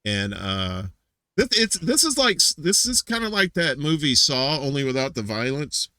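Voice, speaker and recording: A bright-voiced man hosts a loose live-stream chat over a video call, rambling and joking as he goes. He restarts his sentences often, and his voice sounds dry and close. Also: fairly high pitch, sing-song, moderate pace, no room sound. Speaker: host.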